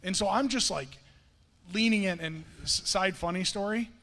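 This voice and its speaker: A male pastor talking with a guest in a church service, telling a lively story with many restarts and quick acted-out quotes. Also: high-pitched, slight background noise. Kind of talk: conversational sermon interview. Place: church sanctuary. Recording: reverberant church hall.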